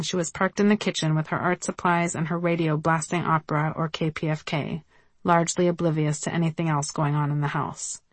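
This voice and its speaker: A woman's voice: sits low, no room sound. A woman reading her own memoir aloud in a wry, conversational way. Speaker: memoir narrator.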